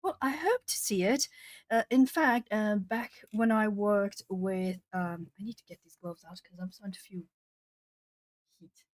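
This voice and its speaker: Woman from southern Brazil, native Portuguese speaker, art stream host; chatty, rambling delivery, mid pitch, dry room. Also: unhurried, no room sound. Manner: chatty, rambling with frequent fillers and laughs. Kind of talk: casual chat with live chat.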